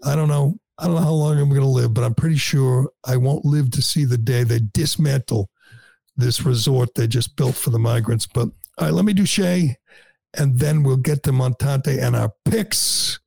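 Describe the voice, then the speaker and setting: A man's voice: medium pitch, normal speed, creaky, darkish tone, no echo. A man hosting a talk radio show, delivering sarcastic, mocking opinion commentary.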